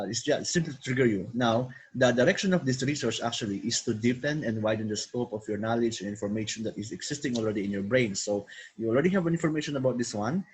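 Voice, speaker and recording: Husky man giving a lecture. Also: medium pitch, a little mellow, rough recording. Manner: repetitive, piles up synonyms, code-switches into Tagalog. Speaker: teacher. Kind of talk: recorded online lecture.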